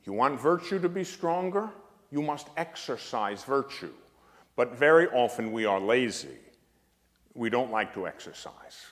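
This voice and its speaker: A man's voice: medium pitch, sing-song, unhurried, fairly bright tone. A man speaking as a priest giving a spiritual lecture, emphatic and anecdotal with dry humor. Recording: long hall reverb.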